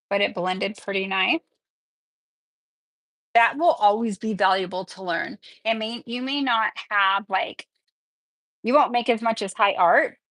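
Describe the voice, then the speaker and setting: A woman's voice: mid-range voice, a bit bright, no room sound, low-quality recording. Chatty nail teacher woman, dry close sound. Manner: chatty, upbeat, talks while working. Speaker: nail instructor. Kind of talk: livestreamed nail tutorial.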